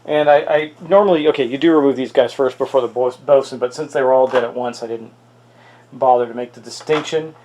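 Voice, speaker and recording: A man's voice: medium pitch, steady tone, brisk, darkish tone, slight background noise. A man hosting a solo tabletop game playthrough, thinking aloud and exclaiming at dice rolls. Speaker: host playing a tabletop miniatures game.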